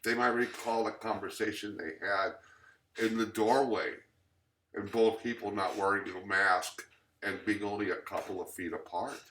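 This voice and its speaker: A man's voice: on the low side, steady tone, normal speed, pushed and bright, a little hiss or hum. A man giving a recorded training lecture as instructor, teaching plainly with fillers and restarts.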